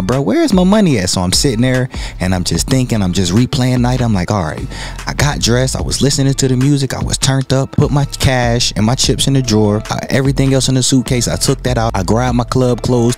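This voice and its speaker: A young man tells a storytime tale at a middle pitch, cursing freely and shooting way up in outrage. Soft music runs faintly underneath. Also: fairly quick. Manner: animated storytelling, swearing, jumping up high when outraged. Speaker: travel vlogger. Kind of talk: storytime narration.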